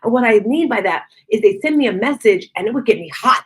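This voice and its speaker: A middle-aged woman giving a casual motivational talk, expressive and chatty, acting out conversations as she goes. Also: fairly high pitch, fast talker, slightly rough. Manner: expressive, acts out quoted conversations. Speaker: motivational speaker and fitness studio owner.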